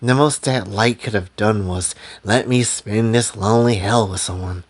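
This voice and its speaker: A man's voice: on the low side, moderate pace. A young man casually narrating a story in rambling, slangy speech.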